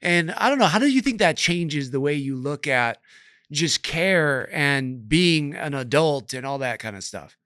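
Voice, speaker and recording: A man's voice: on the high side, lively intonation, a little slow, pushed and bright, no room sound, studio quality. A young adult man hosting a podcast, chatting casually and loosely with many "like"s and "you know"s. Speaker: podcast host. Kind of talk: casual interview chat.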